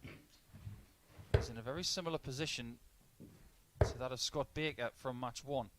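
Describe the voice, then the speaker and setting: A man's voice: medium pitch, moderate pace. A man giving live darts commentary, breaking down averages, doubles and shot choices as play unfolds. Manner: analytical, stat-heavy play-by-play. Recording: noisy line with clicks.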